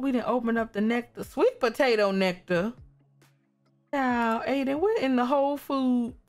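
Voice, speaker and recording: A woman casually commenting on her life-simulation game, talking to the characters and exclaiming at what they do. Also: fairly high pitch. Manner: animated, exclaiming, talks to the characters. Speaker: gaming YouTuber.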